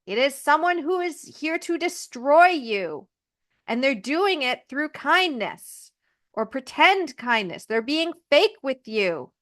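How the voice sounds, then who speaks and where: A woman's voice: high voice, very animated, slow, fairly bright tone, pitched above the performer's own voice, heavily acted. A woman voicing the dwarves as they lecture a naive girl in an exasperated tone.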